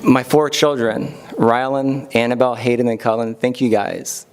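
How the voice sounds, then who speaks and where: A man's voice: medium pitch, fairly even intonation, normal speed, clear, resonant tone. Grateful man giving an acceptance speech. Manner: heartfelt, grateful, with light asides. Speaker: award-winning teacher giving acceptance speech.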